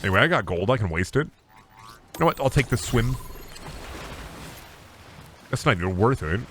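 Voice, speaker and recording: A man streaming a game, talking in a crude, goofy, rambling way and trash-talking the other players. His voice is bright and his pitch swings widely. A faint noise sits under the recording. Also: big pitch swings, moderate pace. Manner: trash-talks opponents. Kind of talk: casual gaming stream commentary.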